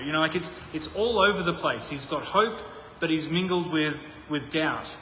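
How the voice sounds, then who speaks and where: Guy preaching, kinda bright voice, lots of restarts, big echoey hall. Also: a little high, moderate pace, hardly any pauses, slight background noise. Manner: conversational, thinks aloud with many restarts. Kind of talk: sermon. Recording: echoey hall with long reverb.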